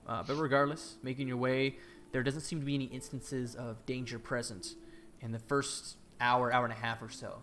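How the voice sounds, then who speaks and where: A man narrating as game master of a tabletop fantasy game, halting and full of fillers and restarts. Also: medium pitch, little pitch movement, fairly bright tone, a little hiss or hum.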